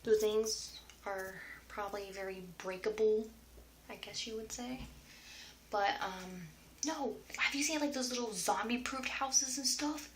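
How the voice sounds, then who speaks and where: A woman's voice: fairly high pitch, a little slow, slight background noise. A woman answering viewer questions in a casual, rambling vlog, sometimes dropping to a whisper. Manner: rambling, chatty, drifts into whispers at times. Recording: roomy echo.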